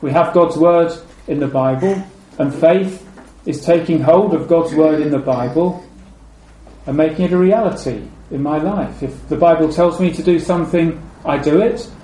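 In an echoey room with a faint ambient hum, a preacher gives a measured sermon. His voice is high but warm and mellow, and he repeats key phrases, letting them fall low and soft.

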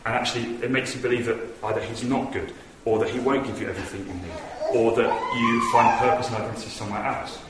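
A man's voice: mid-range voice, wildly swooping pitch, fast talker, hardly any pauses. A man giving an earnest, conversational sermon in a church hall, telling stories with animation. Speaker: preacher. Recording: echoey hall from far off with noise.

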